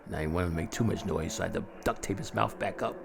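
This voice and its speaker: A man narrating a first-person horror story in a gleeful, chuckling, drawn-out way. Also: low voice, gravelly, noisy background.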